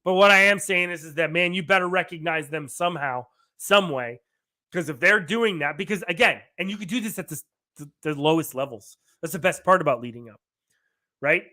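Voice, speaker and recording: A middle-aged man hosting a podcast, delivering an energetic solo rant, emphatic and often asking "right?" while acting out quoted dialogue. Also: a little high, a little fast. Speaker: podcast host.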